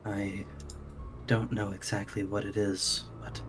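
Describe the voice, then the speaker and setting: A man narrating as dungeon master in an online tabletop game, easygoing and quick to laugh. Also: on the low side, flat delivery, over music.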